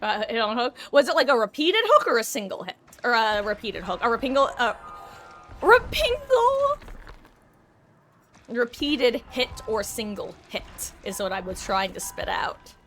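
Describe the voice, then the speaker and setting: A woman's voice: a little high, animated, moderate pace, few pauses, fairly bright tone, faint music behind. A woman chatting casually while she streams a game. She rambles and swears freely. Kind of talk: casual chat while gaming.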